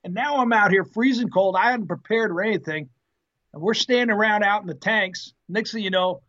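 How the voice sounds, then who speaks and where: A former Marine telling an animated story in an interview, acting out the quotes with salty language. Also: male voice, sits high, a little fast, muffled recording. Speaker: guest, former Marine tank driver.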